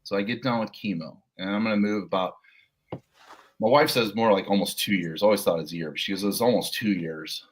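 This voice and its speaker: Deep, husky middle-aged man telling stories. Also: brisk. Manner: rambling, jokey anecdotes with laughs. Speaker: podcast guest, police officer. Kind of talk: storytelling interview.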